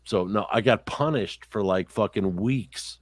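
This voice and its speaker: Recorded dry, this podcast host speaks at a measured pace in a lowish register. He recounts stories from his childhood in relaxed conversation, peppering them with profanity and impersonating the people he describes, full of lively energy.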